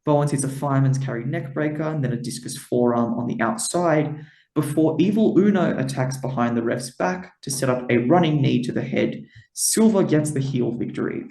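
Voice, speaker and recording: Reading a wrestling recap full of "um" and "uh," this Greek diaspora co-host speaks in a mid-range, creaky voice. The tone is warm and the recording reverberant.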